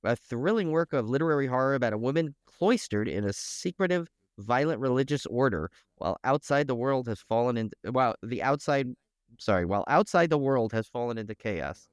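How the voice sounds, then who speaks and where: A man's voice: mid-range voice, expressive, brisk, smooth, dry recording, studio quality. Jokey man co-hosting a podcast. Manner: jokey, rambling, uses lots of "like" and "uh". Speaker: podcast co-host. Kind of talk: casual podcast chat.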